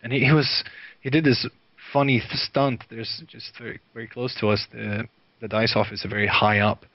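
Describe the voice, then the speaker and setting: A man from Sweden, a guest video director, telling lively anecdotes in casual chat and laughing often. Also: medium pitch, normal speed, no room sound. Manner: lively storyteller, laughs often, many fillers. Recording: dry, dull lo-fi sound.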